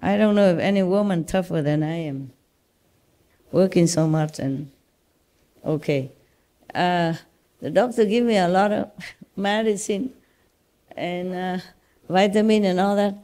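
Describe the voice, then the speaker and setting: Mellow-voiced woman teacher with a Vietnamese accent. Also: lowish voice, measured pace, pauses often. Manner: reassuring, animated storytelling with laughs. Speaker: spiritual teacher. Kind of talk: casual talk to disciples.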